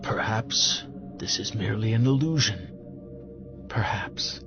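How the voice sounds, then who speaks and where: A man voicing a proud, grim albino prince in a stern, clipped, measured way. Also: lowish voice. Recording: dull lo-fi audio with music behind.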